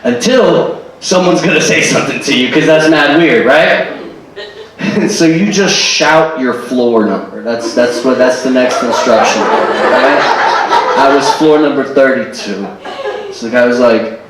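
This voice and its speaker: A man doing a stand-up comedy set, animated and throwing in character voices and Spanish phrases. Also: mid-range voice, measured pace, very noisy. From Cuban family. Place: stage at a live show with audience. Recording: echoey room, distant live recording with crowd. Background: audience laughing.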